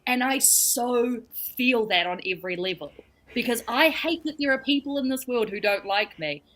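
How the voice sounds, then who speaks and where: A woman's voice: fairly high pitch, normal speed, a bit bright. A young woman talks as a podcast guest. She tells her story candidly, with a humorous, conversational edge. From New Zealand. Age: young adult. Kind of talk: casual podcast chat.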